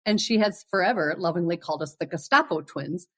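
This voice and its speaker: A woman appearing as a guest on a podcast, telling a story in casual chat, and her voice jumps up high when she retells what happened. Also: expressive, brisk, slightly rough. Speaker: podcast guest, host's twin sister.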